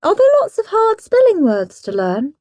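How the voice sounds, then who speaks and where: A woman's voice: high voice, wildly swooping pitch, moderate pace, darkish tone, no echo, voice pushed up. A woman voicing a well-behaved little boy who is eager and earnest.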